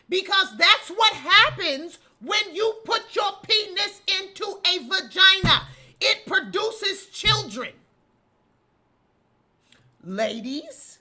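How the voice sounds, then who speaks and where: A woman's voice: extremely high pitch, big pitch swings, takes it slowly, sharp tone. A middle-aged woman hosting a casual commentary show, sassy and scolding, breaking into laughs as she lectures. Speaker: host.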